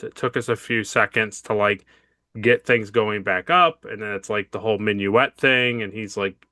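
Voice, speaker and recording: A man co-hosting a podcast, chatting casually as he retells a TV episode. He jumps into the characters' lines with quick, animated impressions. His voice is bright and forceful, and the recording is dry and close. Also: fairly low pitch, dry recording. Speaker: podcast co-host. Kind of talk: casual chat recapping a TV episode.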